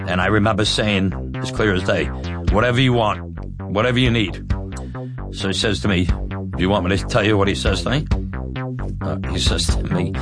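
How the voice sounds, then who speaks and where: A man telling a personal story, animated and self-deprecating, laughing as he goes. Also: low voice, moderate pace, pauses often, music in the background. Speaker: storyteller recounting his youth.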